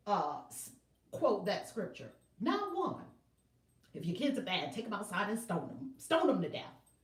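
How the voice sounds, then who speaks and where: Lively higher-voiced woman chatting to her viewers, laughing and exclaiming a lot, sounds roomy and a bit off-mic. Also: recorded from a distance. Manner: animated, laughing loudly, exclaiming often. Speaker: tarot video host. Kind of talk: casual chat to viewers. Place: room at home.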